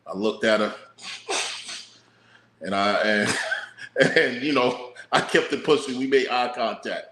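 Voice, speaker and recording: A man's voice: mid-range voice, measured pace, pauses often, a bit bright, echoey room, a little hiss or hum. A man co-hosting a podcast, musing in a laid-back, profane way. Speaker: podcast co-host. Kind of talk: casual podcast chat.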